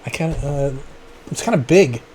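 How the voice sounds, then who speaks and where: A man's voice: on the high side, animated, moderate pace, mellow, slight background noise. A man co-hosting a casual chat in a laid-back, joking way.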